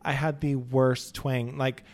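Animated Texan man telling stories. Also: mid-range voice, slow pace. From Texas. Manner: animated, playful storytelling with laughs. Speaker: salon owner and podcast co-host. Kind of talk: casual chat.

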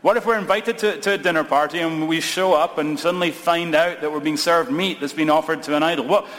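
Scottish pastor preaching in a reverberant hall. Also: male voice, a little high, fairly quick, a bit bright. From Scotland. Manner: conversational, lightly humorous preaching. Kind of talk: sermon. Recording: long reverb of a large hall.

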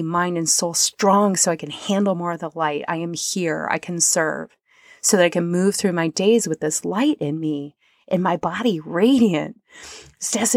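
A woman's voice: on the low side, no echo. A woman hosting a podcast, talking earnestly and emotionally about a personal experience, at moments close to tears. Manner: soft, earnest and emotional, at times near tears. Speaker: podcast host. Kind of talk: personal reflective monologue.

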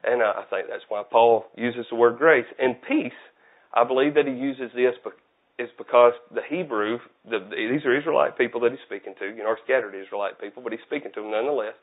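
A man's voice: mid-range voice, fairly quick. Folksy preacher man, tinny phone-like sound. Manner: conversational, folksy, self-deprecating asides. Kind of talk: casual sermon. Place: church.

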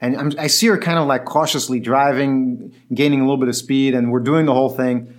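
A man telling a personal story in a casual, animated way, acting out the quoted voices of the people in it. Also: mid-range voice, fairly quick.

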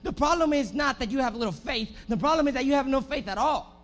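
A young man preaching a lively sermon in a church, moving from hushed talk to shouting and acting out scenes. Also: very high voice, fast talker. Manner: animated, swings from hushed to shouting, acts out scenes. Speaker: pastor.

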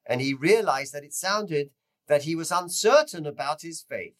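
A man teaching through a lecture that tells a story, with lively swings in pitch and loudness. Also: moderate pace. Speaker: teacher of Jewish history.

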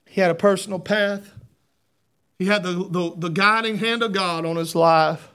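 A middle-aged man preaching a sermon, fervent, swinging between loud shouts and hushed asides. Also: high-pitched, moderate pace, clear, resonant tone.

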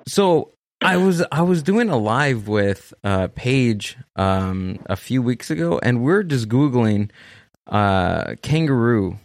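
A man's voice: medium pitch, expressive, slow, no room sound. A man with a Southern Californian accent hosting a podcast, rambling enthusiastically with many restarts. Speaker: podcast host. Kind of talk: casual chat.

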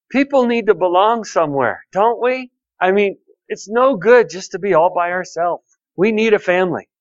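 Male pastor, slightly raised pitch, folksy storytelling sermon, dry close sound. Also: no room sound, highs cut off. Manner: folksy, repeats key phrases, tells personal stories. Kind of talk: conversational sermon.

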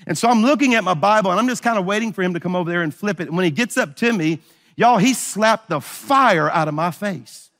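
Animated preacher in a hall. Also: male voice, high-pitched, brisk. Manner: animated storyteller acting out dialogue. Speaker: pastor. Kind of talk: storytelling sermon.

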